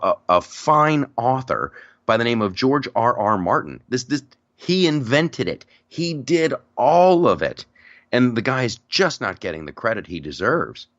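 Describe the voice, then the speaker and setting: A podcast host with a low voice rambles through stories in a casual chat, full of lively energy and frequent restarts. The recording sounds dry, with no room echo, and a bit dull.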